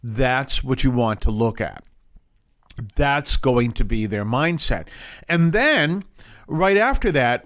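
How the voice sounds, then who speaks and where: A male Bible teacher from the Boston area talks through scripture in an easygoing, rambling way, stopping for homely jokes. His voice sits at an ordinary pitch and jumps higher when he stresses a point. The sound is close and dry, with no room echo. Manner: conversational, digressive, with jokey asides.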